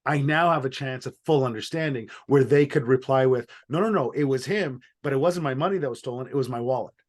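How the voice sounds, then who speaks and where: A man's voice: medium pitch, brisk. A man facilitating an online workshop, explaining with emphasis on single words, heard over a video call. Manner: explanatory, stresses single words in a repeated sentence.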